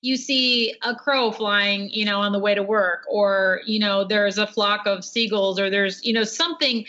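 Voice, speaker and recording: Middle-aged woman guest, chatty and filler-heavy, bright tone on muffled radio audio. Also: medium pitch, fairly even intonation, normal speed. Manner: chatty, lots of fillers, laughs often. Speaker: guest author. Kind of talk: casual radio interview.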